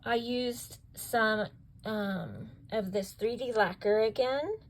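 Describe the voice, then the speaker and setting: A woman's voice: on the high side, slow pace, poor audio. A woman hosting a craft video, walking through her projects step by step and gushing over how cute each one turned out. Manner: gushing, keeps asking if it's cute. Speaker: craft channel host. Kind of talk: craft project show-and-tell.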